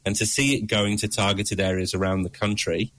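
A man, a regular radio guest who runs a mental health organisation, talking in an animated, upbeat way with frequent restarts. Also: on the low side, fairly quick. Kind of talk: radio interview.

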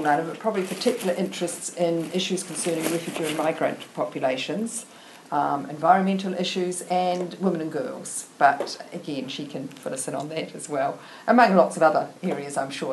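A woman introduces a guest speaker at a gathering, pausing often and talking casually. Her voice is somewhat low, and clear background noise runs under the recording. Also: darkish tone, low-quality recording. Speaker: event host introducing speaker.

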